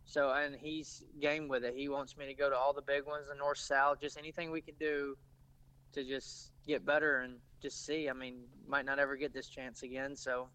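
Bright, clear-voiced young race driver. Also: male voice, medium pitch, level tone, moderate pace, low-quality recording. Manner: laid-back storytelling with laughs. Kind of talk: casual interview chat.

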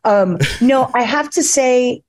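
A woman's voice: sits high, slow pace, darkish tone. A woman being interviewed in a casual chat, chatty and telling stories, acting out quotes. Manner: chatty storyteller, acts out quotes. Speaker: actress, interview guest. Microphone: phone call.

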